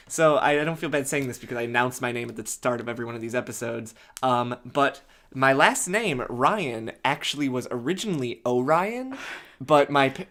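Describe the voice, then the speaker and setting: A man's voice: mid-range voice, a bit bright. Casual male co-host reading fanfic aloud, jokey asides, mid-range voice. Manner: chatty, joking, reads aloud with asides.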